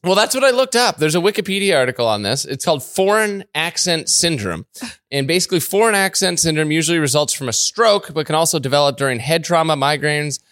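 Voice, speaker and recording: A man talks as a radio host, his voice pitched a little high. He speaks loosely and chattily, filling gaps with small words, and the studio sound around him is dry and close. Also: lively intonation, fast talker, fairly bright tone, no echo. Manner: loose, chatty, many fillers and laughs. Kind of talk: casual talk-show chat.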